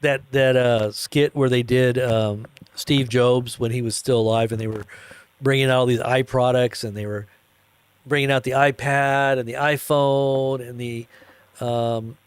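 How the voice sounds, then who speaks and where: A man's voice: mid-range voice, steady tone, a little slow, clear, resonant tone, no room sound. A tired man hosting a live news commentary stream, rambling and joking with viewers. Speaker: host.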